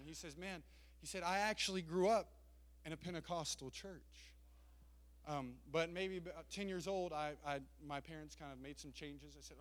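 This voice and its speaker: A man preaching a Pentecostal sermon, moving from quiet storytelling to shouted exhortation. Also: fairly high pitch. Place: church sanctuary. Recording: long church hall reverb.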